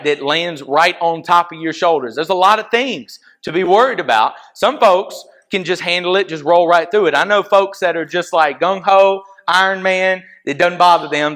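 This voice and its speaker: A young youth pastor with a drawl, his voice sitting a little higher than most men's. He preaches in a loose, conversational way, asking the room questions and checking they're following before he moves on. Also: fairly bright tone. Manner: conversational, checks in with frequent "okay?"; talks straight to the audience, asks them questions. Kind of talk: casual youth sermon.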